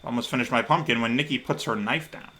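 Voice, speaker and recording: A man's voice: medium pitch, fast talker. A man reading a game aloud, laughing often and adding crude joking asides. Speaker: let's play host.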